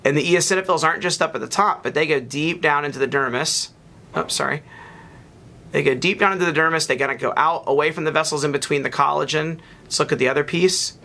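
Guy teaching pathology over slides, kinda high bright voice, lots of ums. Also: quick pace, creaky. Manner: relaxed explaining with fillers and restarts. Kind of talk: narrated microscope slide lecture.

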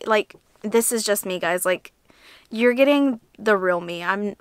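Young woman, crochet vlogger, casual chat, gushing, teary, smooth voice, dry close sound. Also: medium pitch, unhurried, fairly bright tone, no echo. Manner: chatty, gushing, lots of fillers. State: teary, emotional.

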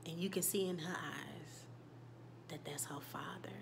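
A woman hosting a casual show recap, telling it in an animated way that swings from loud bursts to hushed whispers and reacts emotionally. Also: sits low, a little slow, gravelly, noisy background. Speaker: YouTube TV recap host.

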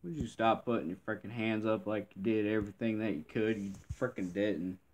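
A man's voice: on the low side, fairly even intonation, a little fast, a little mellow. A man giving live gameplay commentary, grumbling and complaining in frustration with mild cursing throughout.

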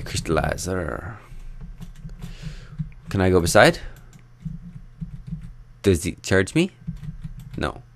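With a low voice full of vocal fry, a young Minecraft let's play host chats loosely over his own gameplay. He rambles, jokes about himself and talks to viewers as he builds.

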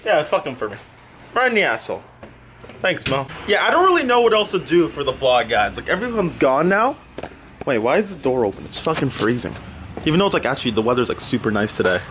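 A man's voice: medium pitch, very animated, quick pace, fairly bright tone, a little hiss or hum. A young man vlogging casually at home, joking and swearing with friends while filming on a handheld camera. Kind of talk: casual vlog chat. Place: house, indoors.

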